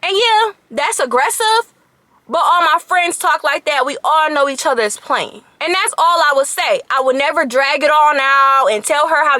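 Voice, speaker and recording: A young woman around twenty-one dishes out a casual storytime, animated and full of slang. Her voice sits high and bright. The recording is dry and close. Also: moderate pace, no room sound. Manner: animated, slangy, sassy retelling. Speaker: vlogger.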